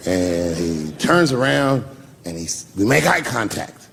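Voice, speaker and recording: A man telling a profane, animated stand-up story and acting out the people in it. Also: on the low side, a little slow, creaky, big-room sound, a little hiss or hum. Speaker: stand-up comedian.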